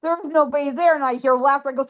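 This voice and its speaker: Lively woman telling a ghost story. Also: high voice, fast talker, muffled recording. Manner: lively storyteller, acts out her own lines. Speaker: guest. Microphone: phone.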